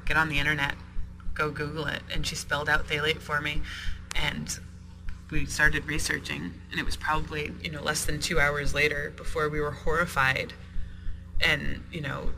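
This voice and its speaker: A man, a shop owner being interviewed, recounting events in a halting way with many ums and restarts. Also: a little high, completely flat delivery, vocal fry, music in the background. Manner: storytelling with frequent ums and restarts. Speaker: sex toy store owner. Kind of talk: interview storytelling. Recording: noisy podcast recording.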